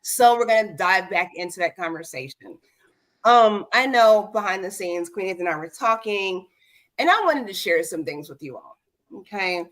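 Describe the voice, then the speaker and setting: A woman's voice: medium pitch, expressive, moderate pace, fairly bright tone. Woman host, casual livestream chat, speaks straight to her viewers. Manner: addresses viewers directly, keeps asking "okay?".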